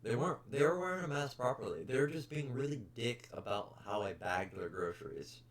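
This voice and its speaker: A man's voice: medium pitch, expressive, brisk. A young man hosting a casual podcast, bluntly ranting about customers with plenty of swearing. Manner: blunt, profane, exasperated. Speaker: podcast host. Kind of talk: casual storytelling rant.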